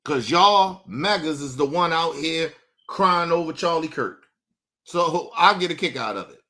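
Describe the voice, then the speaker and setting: A man rants into his streaming mic at a high pitch, talking straight to the viewers in his chat. His voice is bright and forceful, and his mocking, profane delivery stays combative throughout. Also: expressive, unhurried. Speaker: livestream host. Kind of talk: profane livestream rant to chat. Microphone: streaming setup mic.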